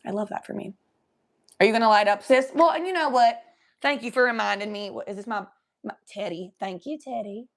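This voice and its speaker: Giggly, profane woman with a gravelly creak. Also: mid-range voice, fairly even intonation, brisk. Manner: giggly, profane, loose and chatty. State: high from smoking weed. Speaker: livestream host. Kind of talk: casual chat reading viewer comments.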